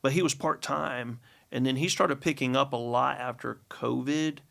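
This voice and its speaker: A man's voice: mid-range voice, moderate pace, vocal fry, sharp tone. A man talking as a podcast guest in a laid-back, casual way, telling stories with laughter. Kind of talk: casual interview chat.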